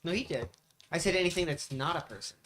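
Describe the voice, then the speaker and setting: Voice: mid-range voice, lively intonation, fast talker, a bit bright. A game master running a tabletop role-playing session in a playful, teasing manner, laughing along with the players.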